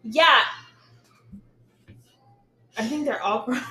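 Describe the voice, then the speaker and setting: A woman's voice: a little high, very slow, pushed and bright, slight background noise. A young woman co-hosting a casual podcast, telling a story and acting out quoted dialogue, laughing often. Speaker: podcast co-host.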